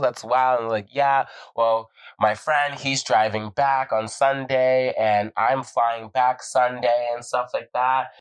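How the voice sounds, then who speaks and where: A young man in a casual vlog, telling a story with lively energy and acting out the voices of the people in it. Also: mid-range voice, a little slow, hardly any pauses, clean tone, low-quality recording. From Southern California. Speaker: vlog host.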